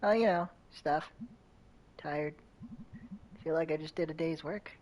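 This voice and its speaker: A man's voice: on the high side, measured pace, darkish tone, lo-fi sound. A man streaming a game with a friend, talking in a laid-back, offhand, joking way. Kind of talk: casual gameplay chat.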